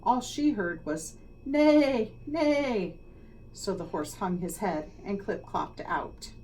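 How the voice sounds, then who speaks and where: A woman, a school leader, reading a children's picture book aloud with expressive, dramatic storytelling. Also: fairly low pitch, a little slow. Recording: slightly distant mic, faint noise.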